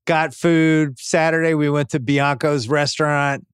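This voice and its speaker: Male podcast host, fifties, smooth voice, fairly high pitch, relaxed rambling chat. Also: no echo, studio quality. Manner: relaxed, rambling anecdotes with quick asides. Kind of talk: casual chat.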